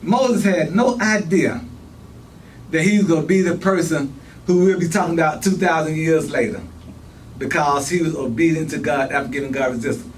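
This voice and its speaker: High-pitched preacher guy talking fast, kinda far from the mic, bit of church ambience. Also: slight background noise. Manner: fast-talking, nervous, repeats phrases for emphasis. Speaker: pastor. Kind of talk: sermon.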